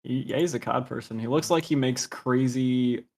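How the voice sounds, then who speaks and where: Give me a relaxed, teasing male esports co-caster with an average pitch. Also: normal speed. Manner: laid-back, teasing, laughs often. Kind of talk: live esports stream commentary.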